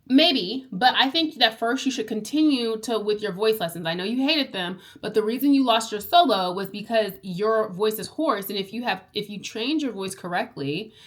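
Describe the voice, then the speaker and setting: A woman quoting a patient mother calmly reasoning with her young daughter about voice lessons. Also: mid-range voice, normal speed, hardly any pauses, close to an everyday voice. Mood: calm advice. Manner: calm, reasoning, instructive.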